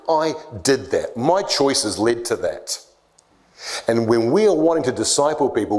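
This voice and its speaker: A man giving a church leadership talk on discipleship, telling stories and acting out the voices in them. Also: fairly low pitch. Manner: animated storyteller acting out quoted voices.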